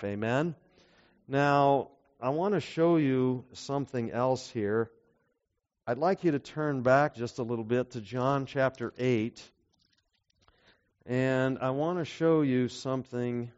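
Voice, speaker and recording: A man's voice: medium pitch, a little mellow. A man preaching a sermon in an earnest way, often asking the audience to agree with him. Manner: earnest, asks the audience to affirm. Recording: dull lo-fi recording.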